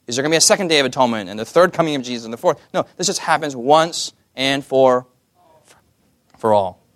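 A man preaching a sermon in a lively, joking way, often asking his listeners for an "amen". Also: mid-range voice, fast talker, dry recording, studio quality. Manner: lively, asks the audience "amen?" often, jokey asides.

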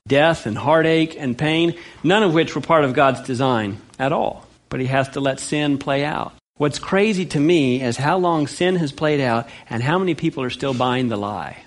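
A man from California preaching a sermon, emphatic and full of rhetorical questions, swinging from low earnest lines to loud ones. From California, USA. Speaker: pastor.

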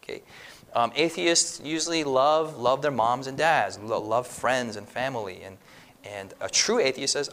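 A man giving a lively religious teaching talk at a church seminar, acting out quoted voices and swinging his voice up and down for emphasis. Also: mid-range voice, moderate pace, a little hiss or hum.

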